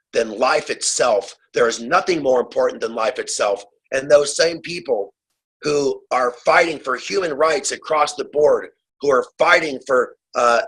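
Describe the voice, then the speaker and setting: Fiery husky-voiced man urging listeners. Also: mid-range voice, fairly bright tone, rough recording. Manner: urgent, fiery, appeals directly to listeners. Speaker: guest author. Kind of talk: impassioned advocacy talk. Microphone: remote call.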